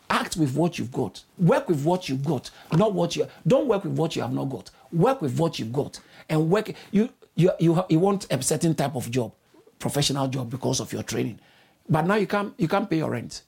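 A man delivers a sermon in a rough, gravelly voice with a husky edge. He exhorts his listeners, repeats key phrases and leaps sharply upward in pitch whenever he wants to stress a point. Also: expressive, fairly quick, darkish tone. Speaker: preacher.

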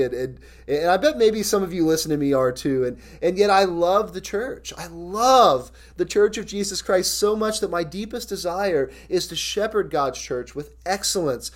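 Earnest pastor preaching, slightly high voice. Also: male voice. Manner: earnest, candid and personal; reads scripture slowly and deliberately. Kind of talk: sermon.

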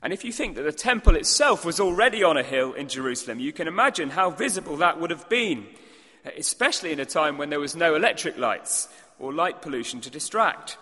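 Bright-voiced preacher man in a reverberant hall. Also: a little high, animated, a little fast. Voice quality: clears throat now and then. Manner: emphatic, with rhetorical questions to the congregation. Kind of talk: sermon. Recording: long reverb of a large hall.

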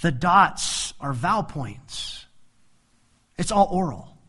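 Speaking slowly in a husky, fairly high voice, a man delivers a lively sermon. Going verse by verse through a Bible passage, he playfully voices the figures he quotes.

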